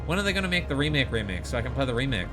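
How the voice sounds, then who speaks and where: A man's voice: mid-range voice, big pitch swings, racing, music in the background. A man streaming a video game live, chatting sarcastically and mocking himself with dramatic outbursts. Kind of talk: live gaming commentary.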